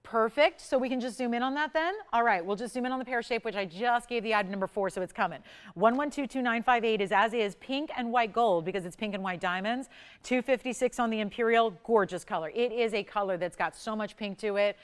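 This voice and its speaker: A woman hosting a live jewelry shopping show, effusive and gushing with exclamations as she pitches pieces in a studio. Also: brisk, clear, resonant tone. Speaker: shopping channel host.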